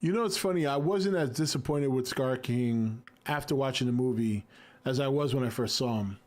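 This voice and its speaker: A man's voice: mid-range voice, moderate pace, a little mellow. A man in his forties hosting a casual livestream, reading and answering chat with a laid-back, jokey manner.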